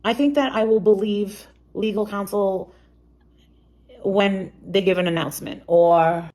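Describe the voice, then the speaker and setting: A woman's voice: medium pitch, fairly even intonation, a little slow, dark tone. A woman talking on a live stream, hesitant and full of ums. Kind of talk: casual live chat.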